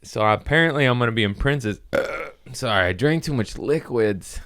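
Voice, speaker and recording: A man's voice: mid-range voice, expressive, normal speed, fairly bright tone. A young man doing a crude, rambling comedy monologue as a podcast host, often laughing at his own jokes.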